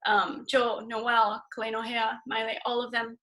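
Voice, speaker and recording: Young hawaii woman on a video call, shaky and teary, bright voice. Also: fairly high pitch, monotone, moderate pace, poor audio. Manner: nervous, emotional, near tears. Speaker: guest speaker. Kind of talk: casual team call talk.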